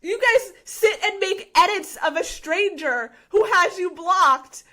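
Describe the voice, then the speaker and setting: A woman co-hosting a podcast, chatting casually, ranting in an animated way and laughing often. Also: extremely high pitch, slow. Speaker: podcast co-host. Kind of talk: casual chat.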